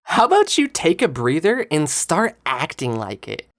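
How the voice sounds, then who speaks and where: A woman's voice: sits low, normal speed, a faint crowd. A woman giving sarcastic, taunting commentary over video clips. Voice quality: sarcastic, taunting, lively inflection. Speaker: political commentator.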